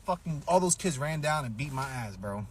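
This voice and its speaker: A man's voice: mid-range voice, moderate pace, noisy background. A man telling a profane, comedic personal story, acting out what people said. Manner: animated, profane, acts out quotes.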